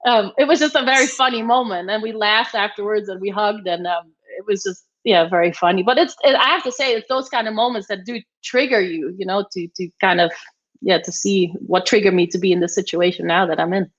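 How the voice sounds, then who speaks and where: A woman's voice: mid-range voice, fairly quick. A woman guest chatting casually and rambling a little, with plenty of fillers and restarts. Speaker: guest, former tennis player. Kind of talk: casual chat. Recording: slightly dull, muffled audio.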